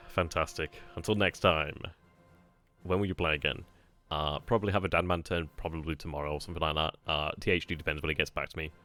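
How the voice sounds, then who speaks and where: A man's voice: rumbling low, fairly even intonation, fairly quick, bright, forceful tone. A man hosting a strategy game video channel, chatting casually and informally to his viewers and easily amused. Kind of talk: casual video outro chat.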